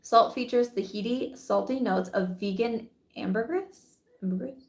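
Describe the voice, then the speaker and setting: A woman's voice: a little high, normal speed, echoey room. A woman vlogger reviewing beauty products in casual, chatty talk, giggling often and saying "like" a lot.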